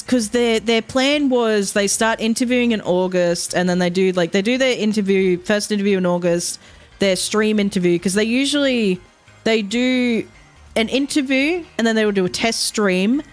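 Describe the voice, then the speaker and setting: An Australian woman in her young adult years chats on stream at a mid-range pitch, spinning a long, animated story. She laughs often and swears freely. Faint music plays softly behind her. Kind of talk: casual stream chat.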